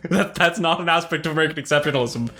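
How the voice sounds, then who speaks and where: Rambling young man, slightly high voice. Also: racing, pushed and bright. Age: young adult. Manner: rambling, filler-heavy storytelling with frequent laughs. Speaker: podcast co-host. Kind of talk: casual chat.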